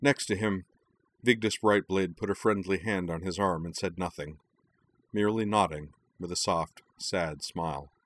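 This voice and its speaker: A man reading a story aloud as its narrator, in calm, even scripted narration. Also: low voice, moderate pace.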